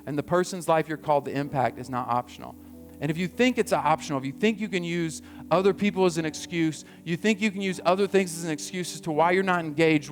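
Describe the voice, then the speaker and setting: High-voiced animated male preacher, soft music. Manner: animated preaching, acting out quoted voices, laughing. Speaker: pastor. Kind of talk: sermon.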